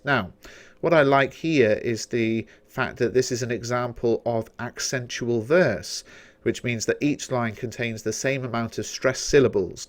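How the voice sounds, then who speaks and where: Measured British male English teacher. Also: medium pitch. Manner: explanatory, measured, steady. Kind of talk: revision lesson.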